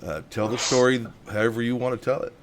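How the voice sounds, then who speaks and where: A man's voice: mid-range voice, fast, slight background noise. Indignant man hosting a commentary show. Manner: indignant, worked up. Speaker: host.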